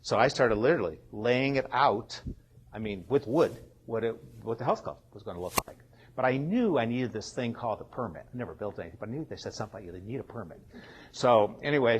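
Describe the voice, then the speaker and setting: A man in his sixties, a company founder, telling his own story in a lively way and acting out the voices of people he met. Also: mid-range voice, slightly rough. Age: 60s. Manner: animated, acts out quoted dialogue. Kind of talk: personal storytelling.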